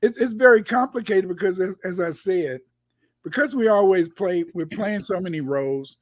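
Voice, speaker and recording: On a video call, a guest commentator chats casually and tells stories, often repeating his words as he rambles. His high voice is animated and moves at normal speed, captured in a dry recording.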